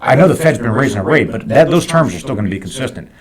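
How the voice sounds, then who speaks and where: Fast-talking man telling a heated story. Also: medium pitch, crowd noise. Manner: fast, heated, animated storytelling with frequent swearing. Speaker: business owner and podcast host. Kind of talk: casual podcast storytelling.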